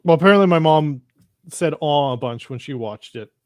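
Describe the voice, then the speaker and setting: A man's voice: a little high, animated, brisk, dry recording, studio quality. A man co-hosting a casual pop culture show, talking bluntly and swearing now and then. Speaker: podcast co-host. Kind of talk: casual chat.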